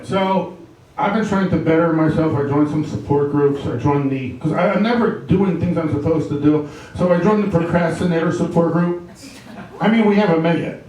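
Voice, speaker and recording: A man doing a stand-up comedy set in a comedy club, delivering deadpan one-liners with pun punchlines. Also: fairly high pitch, normal speed, far from the mic. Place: live comedy club with audience. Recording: echoey club room, mic heard from afar.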